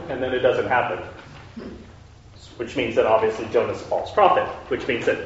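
In an echoey room captured by a distant, dull microphone, a man with a mid-range voice teaches a relaxed Bible study at normal speed. He questions his audience and keeps checking that they understand.

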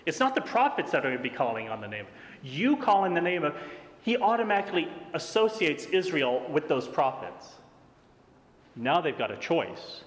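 A middle-aged man preaching a sermon, reading scripture and acting out the quotes in a lively, high voice. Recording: long hall reverb.

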